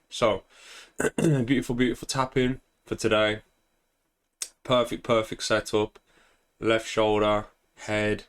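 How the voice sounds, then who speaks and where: Young man, fairly low voice, laid-back chart commentary with self-praise and filler words. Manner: relaxed, chatty, self-congratulating, many ums and throat clearing. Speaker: forex trader. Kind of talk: casual screen-share market commentary.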